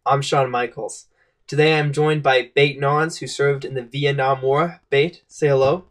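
A man's voice: mid-range voice, fairly even intonation, measured pace. A man hosting a comedy podcast sketch, asking fumbling, stammering interview questions. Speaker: podcast host.

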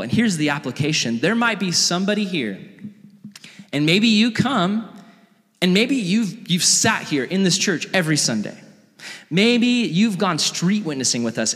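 A man's voice: a little high, fairly bright tone. A man pastor giving a casual sermon in a church, talking in a chatty, earnest way that is full of "like". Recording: echoey church hall.

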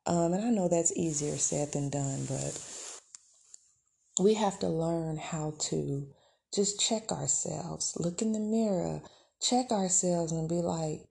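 A woman's voice: lowish voice, slow pace, vocal fry, mellow. A woman, hosting a podcast and giving encouraging, conversational advice in a casual monologue. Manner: encouraging, conversational, faith-filled. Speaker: podcast host.

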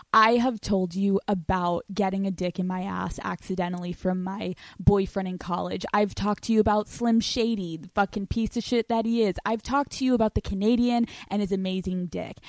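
A woman's voice: mid-range voice, no room sound. A woman in her twenties hosting a solo podcast, brash and profane, laughing often and slipping into put-on voices. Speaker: podcast host.

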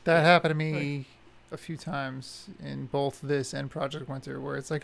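A man's voice: medium pitch, level tone, normal speed, gravelly, fairly bright tone, no room sound. A man co-hosting a casual podcast, wry and joking. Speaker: podcast co-host.

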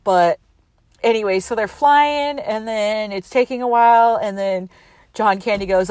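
Woman, casual movie recap, animated and chatty, dry voice. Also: mid-range voice, unhurried, clear, resonant tone, no echo. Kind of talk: casual movie plot retelling.

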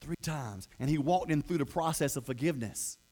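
High-voiced preacher who rambles and restarts. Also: male voice, fairly quick, darkish tone, soft background music. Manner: rambling, repetitive, full of restarts. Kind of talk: sermon.

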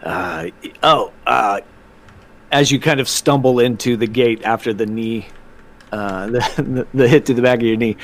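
A man's voice: medium pitch, a little slow. Man game master narrating a tabletop game. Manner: rambling narration with fillers and laughs.

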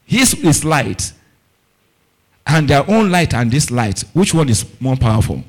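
A man's voice: mid-range voice, darkish tone. A man preaching a fervent sermon, often asking the congregation if they are following and repeating key words for emphasis. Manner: call-and-response questioning of the congregation.

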